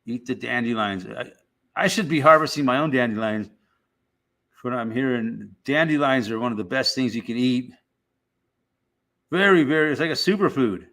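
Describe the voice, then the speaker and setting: Bright-voiced profane middle-aged man rambling. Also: mid-range voice, animated, moderate pace, long pauses. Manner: rambling, profane, laid-back. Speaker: live streamer. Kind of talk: casual live stream chat.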